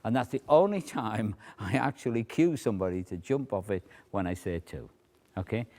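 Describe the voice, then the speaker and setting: A man teaching a stage routine, explaining how he cues volunteers and dropping to a hushed near-whisper to demonstrate. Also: lowish voice, animated, moderate pace. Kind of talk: demonstration lecture.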